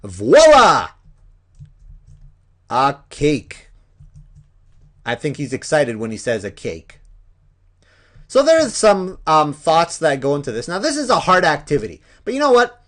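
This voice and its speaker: A man teaching a punctuation lesson, explaining step by step in an animated, playful way. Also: on the high side, moderate pace. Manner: animated, playful, acts out examples.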